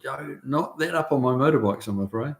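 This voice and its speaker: Live-streaming from his car shop, a middle-aged New Zealander reads viewer comments aloud, relaxed and chatty with plenty of ums and uhs. He speaks fairly quickly in a creaky, medium-pitched voice.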